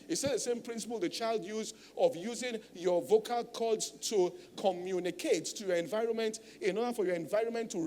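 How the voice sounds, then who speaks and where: A man's voice: high-pitched, darkish tone, in a large hall, slight background noise. A male pastor preaching a sermon, teaching emphatically and checking in with the congregation with frequent "all right?" tag questions.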